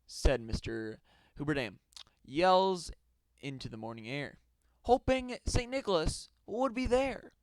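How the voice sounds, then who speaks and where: A man's voice: on the high side, sing-song, measured pace, no echo, low-quality recording. Young man reading an absurd comic story. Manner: absurd, rambling, mock-dramatic.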